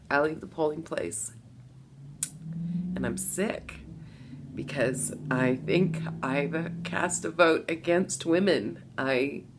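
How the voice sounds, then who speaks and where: Gravelly middle-aged woman telling her story. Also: lowish voice, noisy background. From Las Vegas, USA. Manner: animated storytelling, laughing between lines. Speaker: vlogger. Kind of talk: personal testimony to camera.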